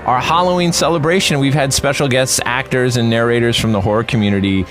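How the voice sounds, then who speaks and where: A man's voice: mid-range voice, fast, soft background music. A man hosting a podcast, upbeat, asking his co-host short questions. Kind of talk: casual podcast chat.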